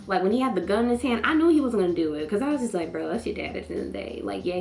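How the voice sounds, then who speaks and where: A young woman vlogging a casual show review, slangy and animated, acting out lines with sudden high jumps in her voice. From North Carolina, US. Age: young adult. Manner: animated, slangy, acts out quotes with big pitch jumps.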